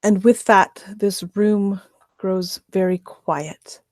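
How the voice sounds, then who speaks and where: Woman game master, slow, mellow delivery, dry close sound. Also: mid-range voice, no room sound. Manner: measured, descriptive narration. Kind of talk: narrating a tabletop game.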